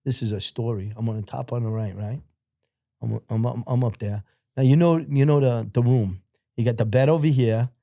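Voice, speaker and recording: Middle-aged male guest, mellow low tone, profane storyteller with a dead, dry sound. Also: normal speed, vocal fry, no echo. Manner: profane, acts out other people's shouted lines; rambling, repeats filler phrases. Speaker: podcast guest. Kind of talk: casual storytelling.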